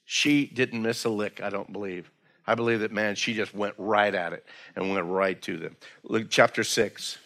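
A man's voice: fairly low pitch, fairly even intonation, moderate pace, fairly bright tone. Earnest, conversational male pastor. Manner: conversational, earnest preaching with frequent "man" and "again". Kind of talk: expository sermon. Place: church.

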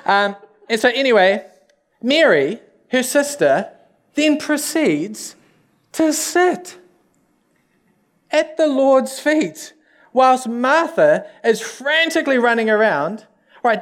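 A youth pastor preaches in a high, light voice. His delivery is casual and conversational, with joking, self-deprecating asides to the listeners. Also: a bit bright. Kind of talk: sermon.

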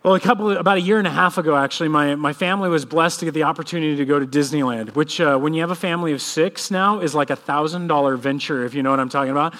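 A man in his thirties, a pastor, praying and then preaching with a lively personal story. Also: on the high side, very fast, hardly any pauses. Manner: animated storytelling, acts out kids' voices. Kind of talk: sermon with prayer and personal story.

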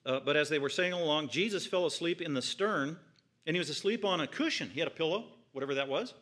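A man's voice: a little high, animated, fast, fairly bright tone. A man preaching an expository sermon in church, reading scripture aloud and then explaining it with rising emphasis. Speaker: pastor.

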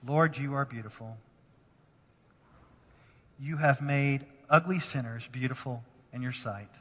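A man preaching a sermon as pastor in a church, passionate and moving between hushed lines and emphatic ones. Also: medium pitch, measured pace. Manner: impassioned, swinging from hushed to emphatic. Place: church sanctuary. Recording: long reverb of a large hall.

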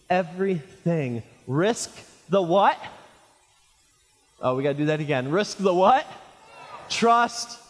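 A male pastor in his thirties preaches with a slightly high voice, pulling the congregation in with questions. He swings from raised, ringing lines down to near-whispers. The sound carries a long reverb, like a church hall. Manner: preaching with call-and-response questions, voice swinging from shouts to near hush. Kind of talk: sermon. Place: church sanctuary.

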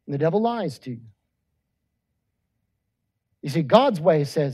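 Brief: animated preacher, swinging pitch, chatty sermon with jokes. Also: measured pace, long pauses, husky. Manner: animated, conversational, joking asides. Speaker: pastor.

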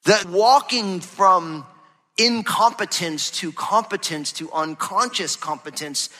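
A man preaches a sermon in a high, bright, forceful voice, swinging from loud emphasis to hushed low passages. His voice rings out with a long reverb, as in a church sanctuary. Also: slow. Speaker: pastor. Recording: reverberant hall.

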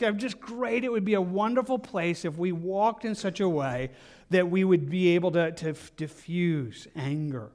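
A man's voice: sits high, a little fast, darkish tone. A man preaching a sermon in a conversational way, with many asides and restarts. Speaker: pastor.

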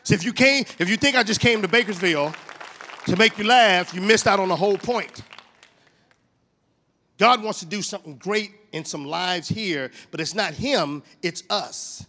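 Middle-aged male preacher, high voice, comic animated storyteller. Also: moderate pace, some chatter behind. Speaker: motivational church speaker. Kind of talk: comic sermon.

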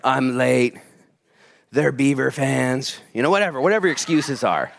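A man preaching a sermon in a conversational, storytelling way, moving between hushed asides and excited bursts. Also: mid-range voice, fairly quick, creaky. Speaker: pastor.

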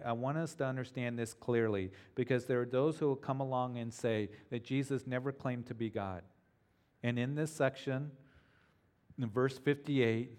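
A man preaching a sermon to his congregation, earnest and emphatic, slowing down to repeat key phrases. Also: medium pitch, a little mellow. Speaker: pastor.

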